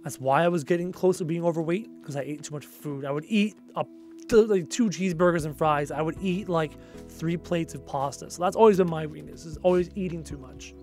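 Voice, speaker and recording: Faint music runs behind a young Canadian livestream gamer who casually thinks aloud and responds to comments in his Canadian accent. He speaks a little high and a little fast, with a darkish tone.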